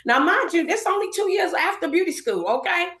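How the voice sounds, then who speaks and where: A woman in her fifties from Inglewood, California, telling an animated story as a guest on a casual podcast interview and acting out the voices she quotes. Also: very high voice, a little fast. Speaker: guest hairstylist. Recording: roomy echoey room.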